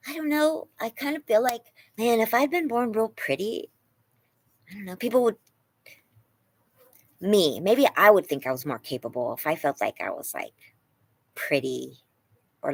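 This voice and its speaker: A woman's voice: mid-range voice, breathy edge, dry recording. A woman hosting a live stream, answering chat in casual, rambling talk full of fillers and gushing praise. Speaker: livestream host reading chat.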